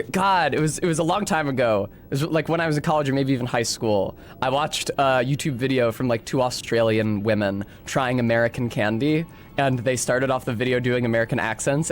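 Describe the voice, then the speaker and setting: A man's voice: mid-range voice, fairly quick, soft background music. A young man streaming a video game, commenting in a sarcastic, rambling way. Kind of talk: let's-play commentary.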